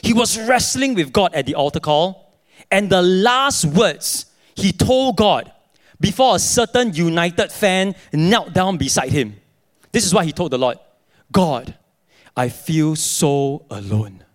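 High-voiced male pastor preaching. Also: unhurried. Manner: animated storytelling, acting out his own dialogue. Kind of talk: sermon.

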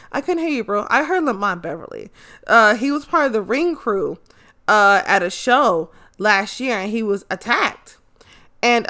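Excitable woman with a bright voice. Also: medium pitch. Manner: excitable, swears freely, loses track of names. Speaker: show recap host. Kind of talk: casual recap of a wrestling show.

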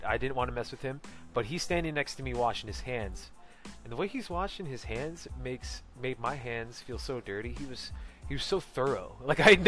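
A man's voice: mid-range voice, a bit bright. A man telling a casual story about a costumed event, rambling with many fillers and restarts and laughing often, into a close mic. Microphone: close personal mic.

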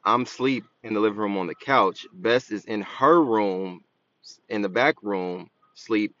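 A man's voice: lowish voice, unhurried, a bit bright, muffled recording. A man co-hosting a podcast, telling a story in a laid-back, joking casual chat. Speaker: podcast co-host.

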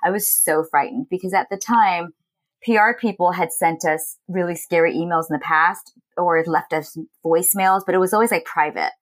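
Lively storytelling woman, lowish voice. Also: moderate pace. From Los Angeles. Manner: animated, quotes others in lively voices. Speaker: guest, entrepreneur. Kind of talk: casual storytelling interview.

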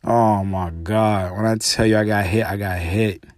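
A man's voice: fairly low pitch, steady tone, a little slow, a little mellow, dry recording. Slangy man talking solo, dry sound. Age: adult with young children. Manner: loose and slangy, peppered with "man" and "you know"; turns heated and emphatic when ranting. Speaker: podcast host. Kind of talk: casual solo podcast talk.

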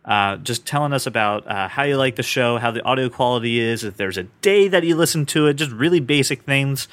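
A man hosts a podcast in a loose, rambling way, poking fun at himself as he goes. His voice sits at an ordinary middle pitch. The recording is dry and close, with no room echo. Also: brisk, fairly bright tone. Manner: chatty, rambling, self-deprecating. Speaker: podcast host. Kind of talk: casual podcast chat.

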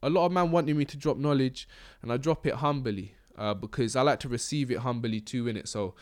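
A man's voice: medium pitch, fairly quick, darkish tone. Slangy young man, rambling. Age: young adult. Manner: slangy, rambling, laughs often. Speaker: podcast host. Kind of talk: casual chat.

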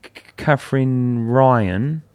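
A tipsy man co-hosting a casual podcast chat, rambling and halting as he talks. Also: mid-range voice, darkish tone, clean tone, dry recording. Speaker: podcast co-host.

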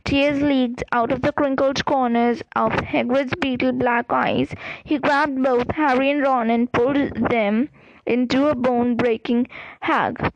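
A woman's voice: sits high, steady tone, a little slow, lo-fi sound, a little hiss or hum. A woman narrating a storybook aloud, reading carefully and sometimes restarting a word. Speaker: audiobook reader.

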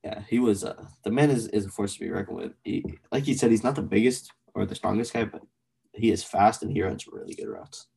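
A young man co-hosting a casual sports podcast, animated and blunt, swearing casually as he argues picks. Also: fairly low pitch, fairly quick, vocal fry, husky. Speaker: podcast co-host.

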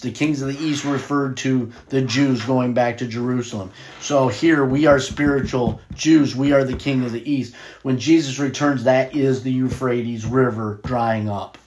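A man teaching a Bible study in a casual, conversational way, reading scripture and wandering off on tangents. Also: medium pitch.

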